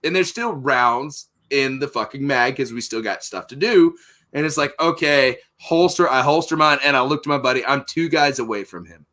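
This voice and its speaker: A young man hosting a podcast, telling a profane, animated story in casual chat. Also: medium pitch, normal speed. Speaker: podcast host.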